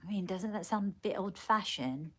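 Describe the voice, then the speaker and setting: A woman leading a live channelling stream, speaking in halting, repeated phrases and calling her viewers darling. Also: medium pitch, a bit bright, husky. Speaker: psychic medium.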